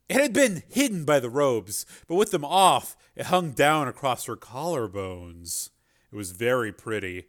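A man's voice: medium pitch, big pitch swings, measured pace. A man narrating a chapter of an adventure novel as an audiobook reader. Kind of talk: scripted narration.

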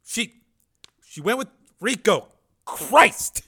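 A man's voice: high-pitched, sing-song, slow pace, creaky, pushed and bright, husky, pitched above the performer's own voice, heavily acted. A man reading a crime novel aloud, voicing a wounded thug who gasps, groans and stammers. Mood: agonized.

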